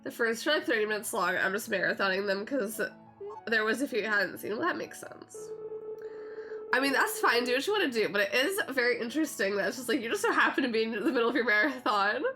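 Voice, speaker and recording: A woman's voice: on the high side, animated, quick pace, over music. A young woman streaming a farming game, chatting in an emotional, gushing way full of "like"s. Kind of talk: casual game-stream chat.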